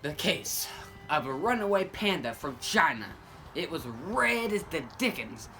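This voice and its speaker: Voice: mid-range voice, sing-song, unhurried, a bit bright, soft background music, rough recording. A comic storyteller telling a rambling, improvised tall tale in a goofy, self-correcting way.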